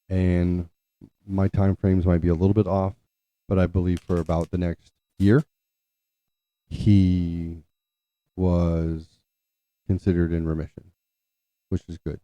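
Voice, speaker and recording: A man's voice: sits low, level tone, a little slow, pauses often, warm tone, no room sound. A man telling a personal family story in a rambling way, often restarting his sentences. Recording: dull lo-fi, dry.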